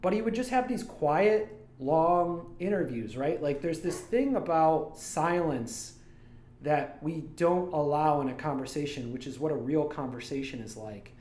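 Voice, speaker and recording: This slightly high, expressive voice with a darkish tone moves a little slowly. It belongs to a streamer and animator from Toledo, Ohio, casually chatting on his livestream and drifting between stories in rambling digressions, all with a roomy echo.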